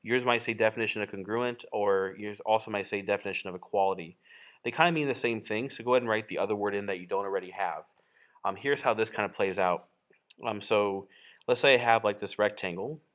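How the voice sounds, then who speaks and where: Brisk and a bit bright, a man with a lowish voice walks through a geometry lesson while drawing. As a math teacher, he explains in a relaxed way, often using fillers and correcting himself.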